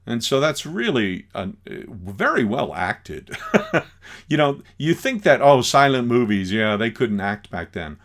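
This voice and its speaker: Brief: male teacher lecturing, acts things out, unhurried delivery. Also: medium pitch, gravelly. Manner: animated, acts out scenes. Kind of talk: classroom lecture.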